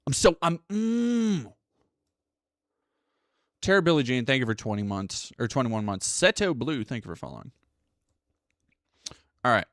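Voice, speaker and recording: A male streamer with a mid-range voice talks close to a dry, dead mic, going back and forth between reading news aloud and cursing sarcastically at it. His asides are loose and profane, and he pauses to thank viewers. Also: medium pitch, very animated, dry recording.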